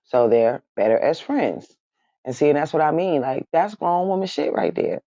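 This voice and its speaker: A woman's voice: sits low, animated, moderate pace, warm tone, dry recording. A woman recapping a reality show in a casual chat, keeps breaking into laughter mid-sentence and calls her viewers y'all. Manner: chatty, addresses viewers as y'all. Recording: dry, dull lo-fi sound.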